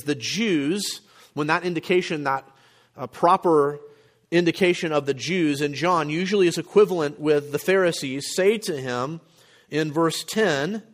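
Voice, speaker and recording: A male pastor preaching a sermon, emphatic, with rhetorical questions and frequent throat clearing. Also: fairly high pitch.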